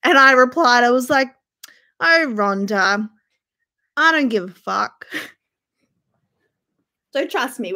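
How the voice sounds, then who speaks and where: A woman's voice: a little high, fairly bright tone. Chatty, foul-mouthed young woman streamer. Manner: chatty, swears freely, dramatic. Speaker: livestream host. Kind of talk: casual livestream chat.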